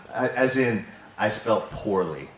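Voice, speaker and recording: Slow, giggling male comic, echoey and noisy. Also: lowish voice, animated. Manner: self-deprecating, giggling at his own jokes. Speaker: guest comedian. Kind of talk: stand-up routine.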